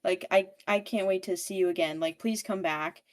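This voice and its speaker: A woman's voice: on the low side, fairly even intonation, normal speed, close to an everyday voice. Chill mythical creature guy, friendly and slangy, woman doing the voice. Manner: easygoing, chatty slang. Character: friendly laid-back male mythological creature.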